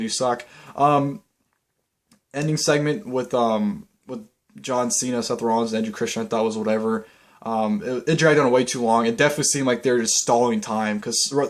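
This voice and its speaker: A young man talks fast in a casual video recap and piles up "you know" and "like" as he goes. His pitch sits right in the middle of the range for a man. He gets excited and rambles from one point to the next. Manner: rambling, filler-heavy, excitable. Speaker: vlogger.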